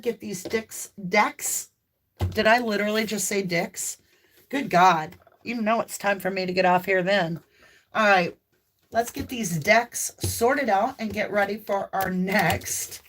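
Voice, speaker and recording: A talkative woman with a light Southern US accent hosts a live tarot stream, rambling easily and laughing often. Her voice sits at a middle pitch, and she breaks into loud whoops. A faint hiss and some clicks sit behind her. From American South. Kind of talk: casual live-stream chat.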